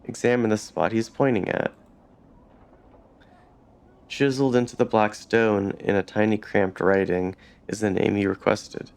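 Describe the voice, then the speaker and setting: Man hosting a let's play, lowish gravelly voice, reading narration aloud with casual comments. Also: flat delivery, unhurried, long pauses, a little mellow. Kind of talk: reading game text aloud.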